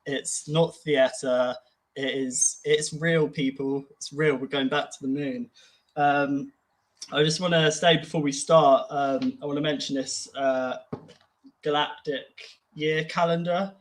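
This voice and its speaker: A man's voice: fairly high pitch, steady tone, measured pace, poor audio. A man co-hosting a casual podcast chat, musing aloud in an easygoing way with many fillers. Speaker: podcast co-host.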